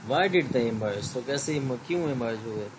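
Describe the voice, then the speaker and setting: A man giving a recorded slide lecture, reading haltingly with many fillers and switching into Hindi to explain. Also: mid-range voice, lively intonation, background noise.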